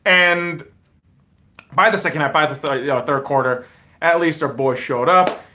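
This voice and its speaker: Give me a man hosting a sports podcast, cursing a lot, with a bright, sharp voice that swings from muttering to shouting. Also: a little high, moderate pace. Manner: profane, swings between mumbling asides and loud excited outbursts. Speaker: podcast host. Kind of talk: casual sports rant.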